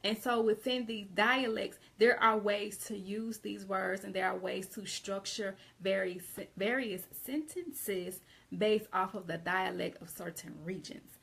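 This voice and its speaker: A woman with a Southern American accent talks through an English grammar lesson in a loose, conversational way. Her voice has a gravelly edge, and her pitch sits in the middle. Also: unhurried, hardly any pauses, a bit bright. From Southern United States. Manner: conversational, repeats and restarts phrases. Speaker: English teacher. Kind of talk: casual online grammar lesson.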